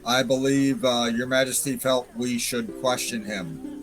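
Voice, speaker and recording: A man playing a tabletop game, talking in a casual, animated way, with music behind. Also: medium pitch, poor audio. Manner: slow, animated, shifting into character. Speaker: player. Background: background music.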